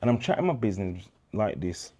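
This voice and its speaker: This is a man with a Birmingham accent whose voice sits very low and sounds dark and mellow. He talks in a relaxed, casual interview manner, but his storytelling turns lively and preacher-like, full of slang. He comes across as a man in his thirties. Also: fairly quick. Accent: Birmingham English. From England. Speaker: guest, charity founder.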